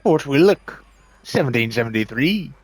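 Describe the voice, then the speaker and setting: A man's voice: medium pitch, lively intonation, normal speed, a little mellow, breathy edge, no room sound. A man giving casual, self-mocking let's-play commentary, reacting to the game and swearing now and then. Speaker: gameplay commentator.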